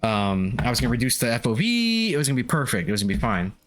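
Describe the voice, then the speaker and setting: A man's voice: medium pitch, wildly swooping pitch, fast. A man casually commentating his game stream, swearing freely and laughing often.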